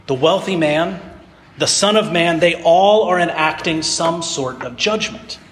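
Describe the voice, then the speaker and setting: A man's voice: a little high, a bit bright, slight background noise. A man giving a sermon and retelling parables in a casual storytelling way. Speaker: pastor. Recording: echoey hall reverb.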